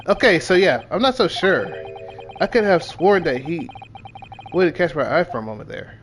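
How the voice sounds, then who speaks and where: A man's voice: fairly high pitch, big pitch swings, moderate pace, a little hiss or hum. A man streaming a game, talking casually in rambling, self-correcting asides between dialogue. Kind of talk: gameplay commentary while reading dialogue.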